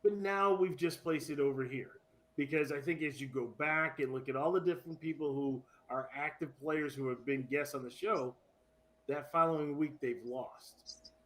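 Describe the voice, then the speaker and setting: Male sports podcast co-host, casual and animated, laughs at his own jokes. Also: fairly high pitch, moderate pace.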